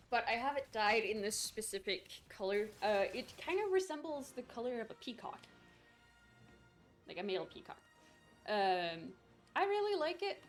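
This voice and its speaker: A young adult woman streamer chatting casually while she plays a game, rambling with lots of fillers and small restarts. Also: mid-range voice. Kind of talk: casual chat while gaming.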